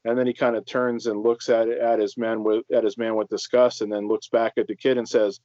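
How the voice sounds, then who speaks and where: A man's voice: lowish voice, little pitch movement, a little fast, mellow, no echo. A man co-hosting a casual podcast about films, rambling with many fillers and restarts. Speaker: podcast co-host. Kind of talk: casual film discussion. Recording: slightly dull lo-fi audio.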